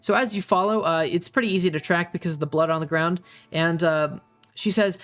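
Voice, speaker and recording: A young man narrating a tabletop game as game master, pausing often with ums and uhs. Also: on the high side, fairly even intonation, a bit bright, faint music behind. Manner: halting, many ums and uhs.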